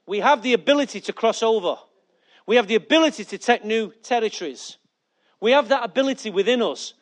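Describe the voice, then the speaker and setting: A male pastor, preaching a sermon with lively rhetorical questions and jokey asides to his church. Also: very high-pitched, brisk.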